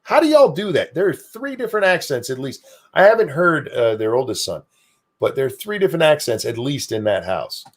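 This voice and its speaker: This older talk-show host on a casual stream has a slightly high voice and a brisk delivery. His chat is profane and energetic, peppered with jokes about himself.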